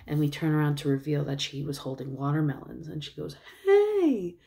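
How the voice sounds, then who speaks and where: A woman's voice: low-pitched, level tone, fast talker, vocal fry, mellow. A woman vlogger chatting casually, recapping at length with lots of "like" and "um". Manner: rambling recap full of fillers and likes. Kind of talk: casual chat.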